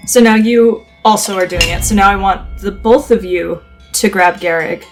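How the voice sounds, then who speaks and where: A woman's voice: medium pitch, music in the background. Woman game master narrating. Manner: quick, filler-heavy storytelling.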